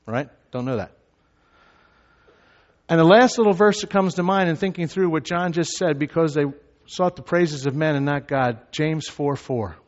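A pastor preaching a sermon. He moves from measured teaching to loud, shouted emphasis. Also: on the high side. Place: church sanctuary. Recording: reverberant hall, slightly dull sound.

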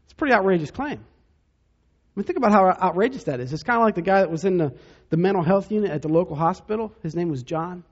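A man preaching a sermon as pastor, dramatic, dropping to a hush to stress key points. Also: high-pitched, animated, quick pace, muffled recording. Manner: dramatic, drops to a hush for emphasis.

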